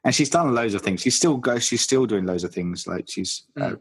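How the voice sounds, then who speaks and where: A man's voice: mid-range voice, expressive, moderate pace, husky. A man co-hosting a podcast, chatting casually about a horror film with many fillers and restarts. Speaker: podcast co-host.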